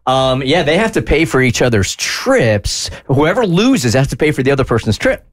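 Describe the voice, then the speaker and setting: A man hosting a morning radio show, upbeat and quick to laugh. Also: mid-range voice, sing-song, no room sound, clean studio sound. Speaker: radio host.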